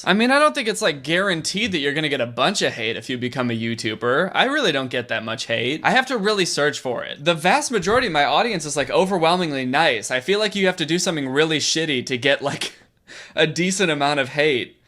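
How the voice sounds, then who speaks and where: A man's voice: on the high side, expressive, brisk, bright, forceful tone. A man, a YouTuber, riffing sarcastically through comedic commentary on a story game. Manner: sarcastic, riffing, puts on silly voices.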